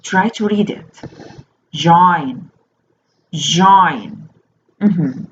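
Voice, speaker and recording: A woman teaching a slow phonics lesson to young children. She spells each word out letter by letter and repeats it. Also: lowish voice, lively intonation. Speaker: primary school teacher. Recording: dull lo-fi recording with faint noise.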